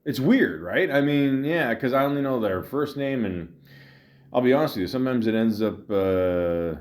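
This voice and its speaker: A tired man hosting a podcast, telling a long rambling story with lots of fillers, restarts and deadpan asides. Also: medium pitch, normal speed. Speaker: podcast host. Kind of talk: rambling comedic monologue.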